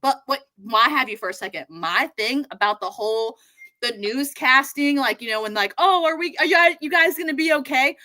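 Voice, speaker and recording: A young adult woman talks fast and casually on a livestream. Her voice sits high and bright. She swears freely and bursts into shrill quoted lines. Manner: animated, profane, acts out quotes in high shouts. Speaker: podcast co-host. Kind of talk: casual livestream show discussion.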